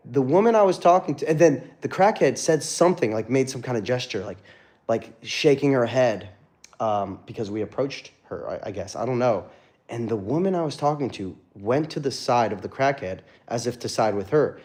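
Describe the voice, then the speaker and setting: A man's voice: medium pitch, animated, a little fast, darkish tone. A young man, a dating coach, talking casually in a livestream with rambling stories and frequent swearing.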